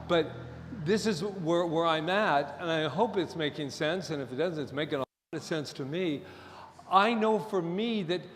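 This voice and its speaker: A middle-aged man preaching a sermon as minister, impassioned and at times near shouting. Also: on the high side. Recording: long hall reverb.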